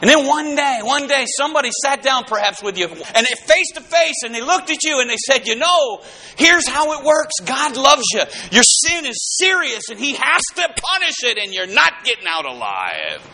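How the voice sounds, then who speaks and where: A male preacher, delivering an impassioned sermon that swings between shouting and dropping low. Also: lively intonation, normal speed.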